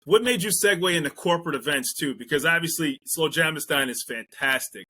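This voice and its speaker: A man's voice: fairly high pitch, animated, fairly quick, bright, forceful tone. A man hosting a podcast interview, eager and chatty, affirming his guest often. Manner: eager, keeps affirming with "right" and "yeah". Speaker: podcast host. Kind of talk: casual interview talk.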